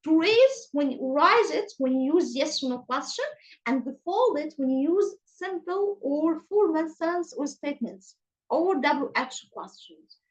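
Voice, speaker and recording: A high-voiced woman with an Egyptian accent teaches English over a video call. She takes her time and stresses each word. Her pitch swings widely as she models questions and statements. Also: animated, lo-fi sound. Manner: slow, emphatic, exaggerated rising and falling pitch. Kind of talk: online class teaching.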